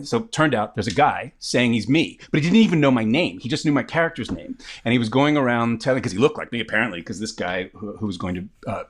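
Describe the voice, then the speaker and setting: A man telling lively anecdotes as a guest, jumping into other people's voices as he goes. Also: mid-range voice, fast talker, few pauses, slightly rough. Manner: animated storyteller, jumps into voices of others.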